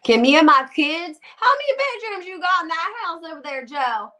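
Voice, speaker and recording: A woman's voice: extremely high pitch, big pitch swings, moderate pace, pitched above the performer's own voice, exaggerated voice. A woman voicing a pushy, begging woman with kids, in a put-on Southern drawl, stammering and pleading. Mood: wheedling. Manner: wheedling, stammering, loud and pleading.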